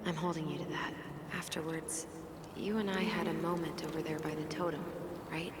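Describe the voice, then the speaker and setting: A woman's voice: low voice, flat delivery, moderate pace, background noise, lightly acted. An actress playing a weary young woman in a video game, speaking in a dry, sardonic way. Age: young adult. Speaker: game character.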